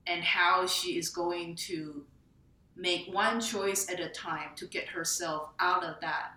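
Woman from Taiwan, bright echoey voice. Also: lowish voice, slow pace. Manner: animated, laughing, tags lines with "right?". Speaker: memoir author, guest. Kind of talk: storytelling in an interview.

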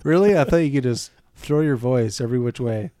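Relaxed Minnesotan man co-hosting a podcast. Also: medium pitch, a little fast, no room sound. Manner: easygoing, explains local details. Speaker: podcast co-host. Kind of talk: casual movie podcast chat.

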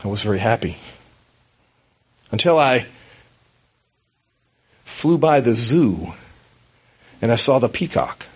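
A man's voice: medium pitch, very animated, slow pace, pauses often, slightly rough, highs cut off, exaggerated voice. A man voicing a many-colored parrot who wistfully envies a peacock.

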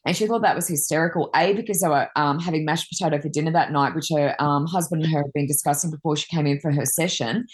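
Woman card reader, low-pitched, chatty and rambling with lots of ums. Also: fast, few pauses. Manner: chatty, rambling, many fillers. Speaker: Reiki master and card reader. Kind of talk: casual chat, telling anecdotes.

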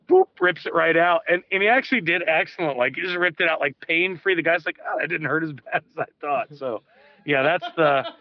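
A man's voice: fairly high pitch, no echo. A man, a fishing guide calling in to a show, telling a long story in a loose, casual way with restarts and the odd swear word. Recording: dull lo-fi call audio.

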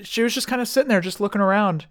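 A man with a slightly high voice co-hosts a casual podcast. He laughs often and chimes in with quick replies between his own stories. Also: a bit bright. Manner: laughing, chiming in with short replies. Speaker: podcast co-host. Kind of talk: casual chat.

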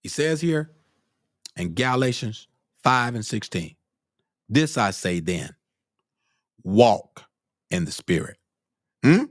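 A man's voice: mid-range voice, very animated, slow pace, pauses often, dry recording, clean studio sound. A man preaching a sermon, quoting scripture in old wording and punctuating his points with "hmm?" and "huh?", his voice climbing into cries of glory.

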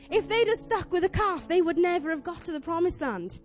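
A young woman preaching a sermon, telling a story in a chatty, earnest, animated way and acting out voices. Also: very high voice, normal speed, hardly any pauses, soft background music. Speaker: lay preacher.

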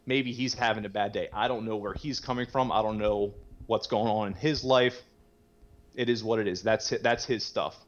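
A man's voice: on the low side, steady tone, normal speed. A young man in recovery telling his story in a candid, rambling way, full of "you know" and casual swearing. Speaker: guest in recovery. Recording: muffled lo-fi audio.

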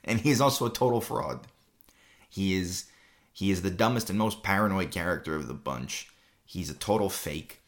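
Low-voiced man reviewing films. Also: moderate pace. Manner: rambling, many fillers and restarts, repeats "like I said". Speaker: film review show host. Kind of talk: casual film review talk.

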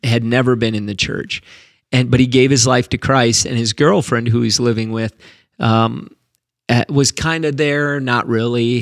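A man, a pastor, telling a story about faith in an earnest, animated way, often repeating words as he builds up to a point. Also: mid-range voice, gravelly, dry recording, clean studio sound.

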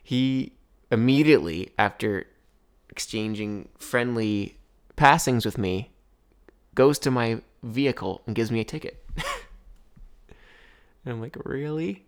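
Gravelly young man rambling to viewers. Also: medium pitch, unhurried, pauses often. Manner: rambling, filler-heavy, keeps saying "anyways". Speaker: vlogger. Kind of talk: casual storytelling to viewers.

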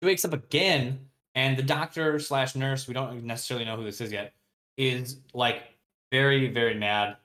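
A man's voice: mid-range voice, steady tone, moderate pace, sharp tone. A man chatting casually on a podcast, retelling book scenes in a loose, slangy way and briefly voicing the characters' lines. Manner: loose, slangy, with many fillers and restarts. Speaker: podcast co-host. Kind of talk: casual book recap chat.

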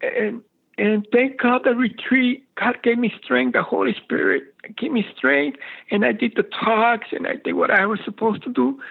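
A man's voice: very high-pitched, steady tone, moderate pace, gravelly, husky. A man calling in to tell a faith story, speaking fervently in a prayerful way, his voice sometimes breaking with emotion, over a phone line. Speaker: caller sharing a faith testimony. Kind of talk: emotional spoken testimony.

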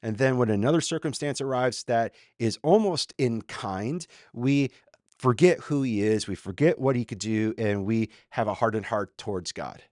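A man's voice: mid-range voice, moderate pace, a little mellow, no echo. Pastor guy from minnesota, chatty sermon, tons of fillers and restarts, dry close sound. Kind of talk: casual sermon commentary.

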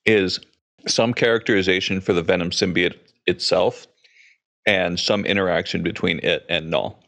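A man co-hosting a casual chat, mostly listening with brief acknowledgments and adding a few unhurried remarks. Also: low voice, steady tone, creaky, fairly bright tone. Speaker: podcast co-host.

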